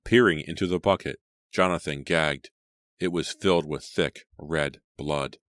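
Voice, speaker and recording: A man reads a storybook aloud, steady and measured. His voice is extremely deep, and the recording is dry and close, with almost no room sound. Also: no echo. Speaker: audiobook narrator. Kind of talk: scripted audiobook narration.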